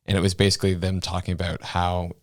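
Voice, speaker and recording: A man with a very low voice talks through ideas in relaxed, easygoing podcast chat and laughs often. The sound is close and dry, with no room around it. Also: quick pace, dry recording. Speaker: podcast co-host. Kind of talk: casual political chat.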